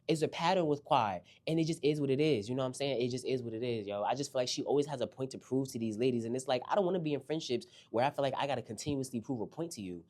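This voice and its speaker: A man hosting a casual reality TV recap, animated and slangy, talking straight to his viewers. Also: mid-range voice, racing, hardly any pauses.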